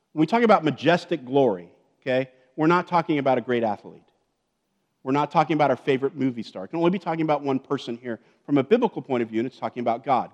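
A man's voice: mid-range voice, darkish tone. Guy pastor preaching loose and chatty, keeps asking "right?", long church-hall echo. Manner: chatty, joking asides, keeps checking in with "okay?" and "right?". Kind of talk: conversational sermon. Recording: long reverb of a large hall.

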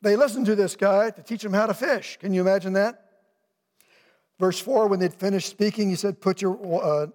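A middle-aged man, pitched fairly high, delivers a sermon from the pulpit. He talks in an animated way and slips into the voices of the people in his story. The sound carries a long reverb from the church sanctuary. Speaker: pastor.

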